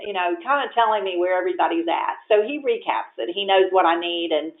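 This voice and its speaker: A woman real estate agent who is a guest on a webinar, telling stories in a lively, chatty way with plenty of fillers. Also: fairly low pitch, fast talker, few pauses. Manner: lively storyteller, many fillers. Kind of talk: conversational webinar interview. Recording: tinny phone-like echoey audio.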